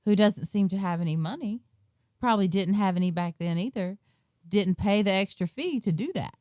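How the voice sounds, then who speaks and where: A woman's voice: mid-range voice, moderate pace, darkish tone, no echo, clean studio sound. A woman co-hosting a podcast in casual chat, adding wry side remarks. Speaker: podcast co-host.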